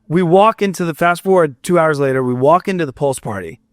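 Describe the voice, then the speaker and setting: A man's voice: on the high side, brisk, no echo, studio quality. A young man from Florida, a musician guest on a podcast, telling a long rambling story with restarts and quoted dialogue. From Fort Myers, Florida. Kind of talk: storytelling in a casual podcast interview.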